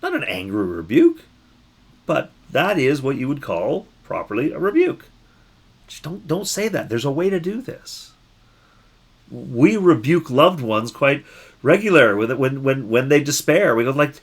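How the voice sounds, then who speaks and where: A man, a pastor, giving a daily Bible reflection in an unhurried, musing way, often restarting and repeating words as he thinks. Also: medium pitch, big pitch swings, slightly rough.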